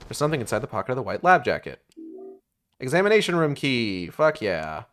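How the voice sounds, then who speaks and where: A man's voice: medium pitch, very animated, fairly quick, fairly bright tone. A man streaming a video game live, chatting casually and swearing as he plays, thinking aloud with plenty of fillers. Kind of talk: live gameplay commentary.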